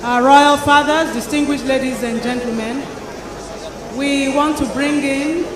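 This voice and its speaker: Mc guy talking real slow and formal, super echoey hall, far off mic, lots of noise. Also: extremely high pitch. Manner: slow, formal address to dignitaries. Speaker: master of ceremonies. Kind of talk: formal event announcing.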